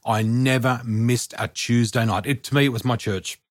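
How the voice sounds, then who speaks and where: A man's voice: medium pitch, normal speed, dry recording. Middle-aged aussie guy telling funny stories on a podcast, does the voices, dry close sound. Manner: animated storyteller, acts out voices, laughs often. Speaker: guest, spiritual teacher. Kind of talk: storytelling in a podcast chat.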